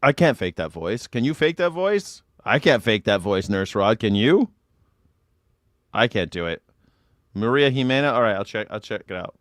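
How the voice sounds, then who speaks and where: Man, livestream host, animated, casual, swearing, dry close sound. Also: fairly low pitch, moderate pace, no echo. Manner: chatty, cursing, talking to chat. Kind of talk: casual livestream reaction chat.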